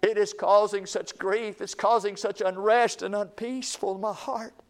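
Male revival preacher, fairly high-pitched, swings between booming and near-whispered lines. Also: fairly even intonation, normal speed. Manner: swings from booming to hushed, repeats phrases. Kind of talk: revival sermon.

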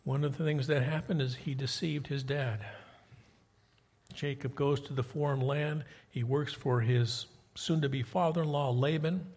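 A man's voice: medium pitch, steady tone, a little slow, darkish tone, big-room sound. A man preaching a sermon, retelling scripture in a conversational storytelling way and putting questions to the congregation.

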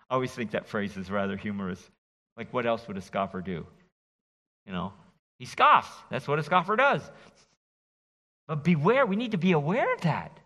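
Animated pastor preaching in a reverberant hall. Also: male voice, mid-range voice. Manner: animated, folksy, jokes with the congregation. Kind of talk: expository sermon. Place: church sanctuary.

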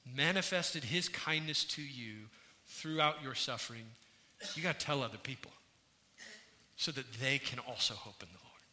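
Pastor, male, earnest sermon delivery, sharp bright tone, reverberant hall sound. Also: mid-range voice, normal speed. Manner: earnest preaching, rising and falling in intensity. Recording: church hall with long reverb.

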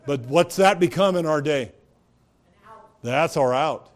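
A man's voice: on the high side, slow pace. A man preaching a sermon in a conversational way, asking rhetorical questions and rising to emphatic peaks. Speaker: pastor.

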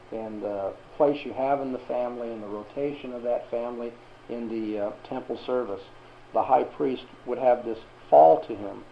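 A man's voice: medium pitch, mellow, a little hiss or hum, rough recording. A man teaching a Bible lesson to a class and asking them questions.

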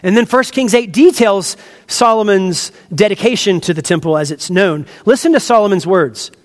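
A man with a high voice preaches an earnest, teacherly sermon. He leans on key words for emphasis and breaks off for asides to his listeners. His voice rings out with a long reverb, as in a church sanctuary. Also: normal speed. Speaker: pastor. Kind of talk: expository sermon.

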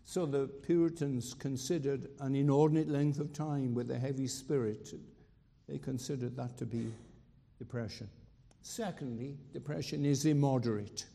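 A man preaching a sermon with emphatic rises and dramatic pauses, acting out quotes. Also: medium pitch, fairly even intonation, gravelly, mellow. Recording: reverberant hall.

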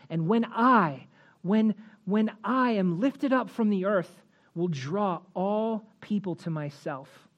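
A woman preaching a sermon, walking through scripture verse by verse and rising in pitch and force at emphatic points. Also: a little mellow. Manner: rises in pitch and volume at emphatic points, slows for key phrases; expository, walks through verses.

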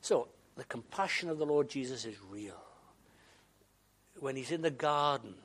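A man preaching an emotional sermon who swings from raised emphasis to hushed whispers. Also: mid-range voice, animated, normal speed, breathy edge.

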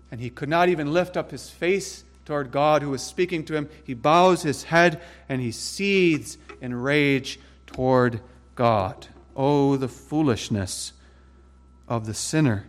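Male preacher, slightly high voice, emphatic and dramatic sermon delivery. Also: lively intonation, a bit bright, big-room sound. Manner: emphatic, dramatic, swings between slow stresses and quick asides.

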